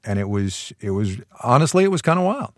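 Animated man co-hosting a chat show. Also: mid-range voice, a little fast, no room sound, clean studio sound. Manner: animated, laughing, rambling restarts. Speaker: podcast co-host. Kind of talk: casual chat. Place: radio studio.

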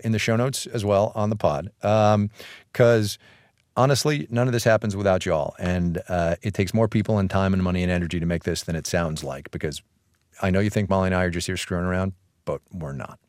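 A man co-hosting a podcast in a studio, chatting casually with quick jokes and asides. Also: low-pitched, no echo. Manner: animated, joking, quick asides. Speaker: podcast co-host. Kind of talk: casual chat. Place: radio studio.

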